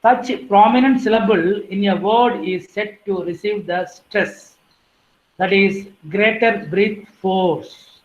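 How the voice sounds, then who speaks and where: Female lecturer, measured and unhurried, reading out terms; roomy, muffled recording. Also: medium pitch. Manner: deliberate, lists terms one by one, clears throat now and then. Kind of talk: academic lecture on phonetics.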